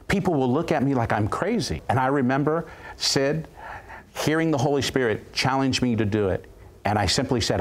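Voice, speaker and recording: A male guest preacher telling a story of his ministry with animated, dramatic retelling and quoted voices. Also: medium pitch, normal speed. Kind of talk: storytelling testimony.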